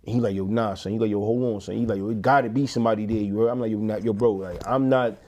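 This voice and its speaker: A former inmate being interviewed, he speaks rapid-fire in a lowish voice with a New York accent from the Bronx. His story wanders along casually, thick with fillers and restarts, and he acts out others' lines in lively voices.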